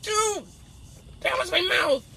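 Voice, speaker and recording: Man, high voice, playful ice fishing vlog, teases the fish, outdoors on frozen pond. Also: slow. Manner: talks teasingly to the fish, animated. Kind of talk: playful live fishing commentary.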